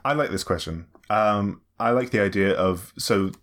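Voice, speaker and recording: A man's voice: on the low side, normal speed, fairly bright tone. A man hosting a podcast in a studio, bantering playfully and defending himself in mock seriousness. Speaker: podcast host. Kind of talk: casual banter.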